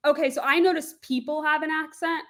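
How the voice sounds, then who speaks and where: Lively, laughing young woman guest. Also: high-pitched. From Florida. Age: young adult. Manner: lively, quick, laughs often, animated asides. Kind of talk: casual interview chat.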